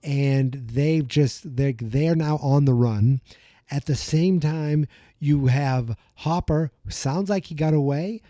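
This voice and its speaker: A man hosting a podcast, recapping an episode in a chatty, animated storytelling way. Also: a little high, takes it slowly, no echo, clean studio sound. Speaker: podcast host.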